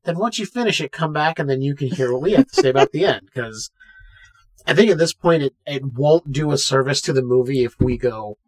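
A man's voice: mid-range voice, brisk. A man co-hosting a podcast, casually recapping a film and acting out lines from its scenes. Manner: animated retelling, acting out quotes from scenes. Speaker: podcast co-host. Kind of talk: casual movie recap chat.

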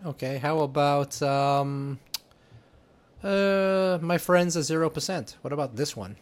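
A man's voice: a little high, unhurried. A man co-hosting an interview, easygoing as he asks questions. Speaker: podcast co-host. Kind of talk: casual interview chat.

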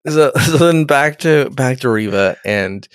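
A man's voice: medium pitch, lively intonation, a little slow, clear, resonant tone, no room sound, studio quality. A young man in casual chat, swearing freely and acting out characters' lines as he retells a show. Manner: profane, laughing, acts out characters' lines. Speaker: podcast co-host. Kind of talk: casual chat recapping a TV episode.

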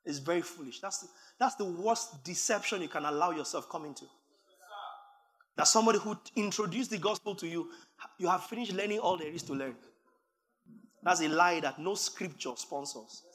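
A man preaching a sermon, reading scripture aloud and building from calm teaching to emphatic shouting. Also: high voice, moderate pace, pauses often.

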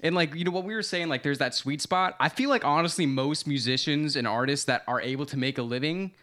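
A young man co-hosting a podcast, telling a story in casual chat, animated and swearing freely. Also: fairly high pitch, brisk. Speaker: podcast co-host.

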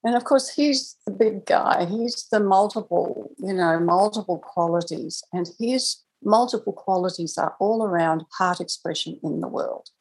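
A woman's voice: mid-range voice, moderate pace, hardly any pauses, darkish tone, husky, rough recording. A woman guest on a podcast telling a personal story in a reflective, conversational way, laughing now and then. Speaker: guest, angel communicator.

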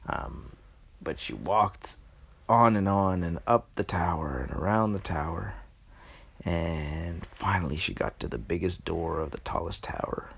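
Man, deep voice, gravelly fry, improvised bedtime story, halting, lots of ums. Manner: halting, with many pauses and fillers.

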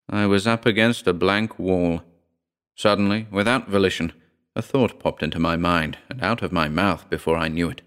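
A man reading a first-person horror short story aloud in a measured, storytelling way. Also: sits low, a bit bright, clear, resonant tone. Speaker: narrator.

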